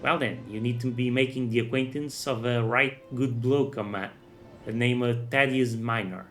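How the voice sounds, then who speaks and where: A gruff, streetwise male thief with rough slangy talk, as a man reads him out. He sounds like a street tough sizing someone up. Faint music hums behind the voice. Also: medium pitch, fairly even intonation, normal speed, a bit bright, natural voice. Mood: sly.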